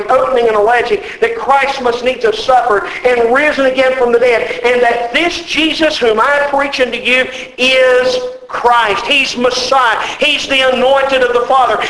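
High, bright-voiced preacher in echoey church. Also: male voice. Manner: emphatic, repetitive preaching with rhetorical questions. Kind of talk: sermon. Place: church sanctuary. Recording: roomy church echo.

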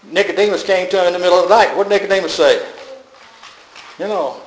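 A man's voice: high voice, animated, quick pace, long pauses, reverberant, slight background noise, poor audio. A man preaching a sermon emphatically, often repeating words and restarting.

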